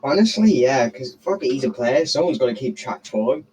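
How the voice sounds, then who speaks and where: A man's voice: medium pitch, animated, fairly quick, warm tone, poor audio. A teenage boy telling a rambling, profane story on a casual podcast, tagging his sentences with "right?". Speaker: podcast co-host.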